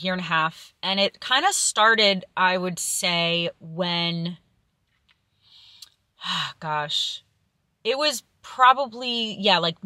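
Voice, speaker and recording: A woman's voice: mid-range voice, sharp tone, dry recording, studio quality. A young woman talking candidly to camera in a vlog, holding back tears as she rambles with fillers. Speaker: vlogger. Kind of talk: candid confessional vlog talk.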